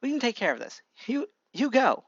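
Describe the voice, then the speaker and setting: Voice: medium pitch, huge pitch swings, normal speed, husky, no echo, highs cut off, voice pushed up, heavily acted. A reader voicing an eager, stubborn girl heroine in a raised voice with stumbles, reading amateur fan fiction. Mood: pleading. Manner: raised, breathless character voice with stumbles.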